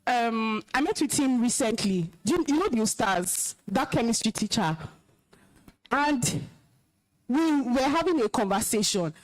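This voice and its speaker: Nigerian woman speaker, high-pitched and emphatic, stern alumna lecturing students on discipline. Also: expressive, a little slow, rough recording. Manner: scolding, commanding, emphatic. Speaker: alumna guest speaker, compere. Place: school hall, live event.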